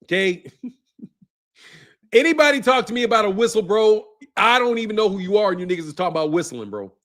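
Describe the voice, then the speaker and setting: A man's voice: high-pitched, big pitch swings, fairly quick, a bit bright. A man hosting a casual boxing livestream, ranting profanely, laughing and tacking "bro" onto his lines.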